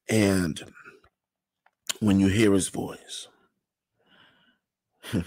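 This livestream speaker has a low, creaky voice with a darkish, slightly rough tone and no audible room sound. He gives a casual inspirational talk about faith and success, rambling loosely, saying "you know" often and now and then dropping to a whisper.

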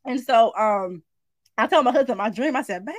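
An adult woman, sharing a dream in a casual spoken message, animated and informal, acting out the voices as she tells it. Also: fairly high pitch, moderate pace, no echo. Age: adult, married mother. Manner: animated storytelling, shifts into acted quotes, informal speech. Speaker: Christian speaker sharing a prophetic dream.

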